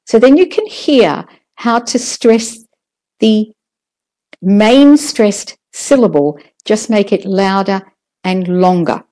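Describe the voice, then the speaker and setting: A woman teaching English word stress in a recorded lesson, patiently modelling each word slowly. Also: medium pitch, lively intonation, darkish tone. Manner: slow, patient, drawn-out model words. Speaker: pronunciation teacher.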